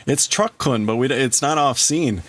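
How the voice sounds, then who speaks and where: A man's voice: mid-range voice, moderate pace, a bit bright, dry recording. Man translating manga aloud on a stream. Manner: thinking aloud, breaking up phrases, laughing at himself. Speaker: livestream host. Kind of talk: casual translating of manga on a livestream.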